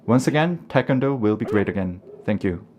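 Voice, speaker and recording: Give me a man with a fairly low voice, earnestly interpreting a formal debate live. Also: animated, fairly quick, a little mellow, slight background noise.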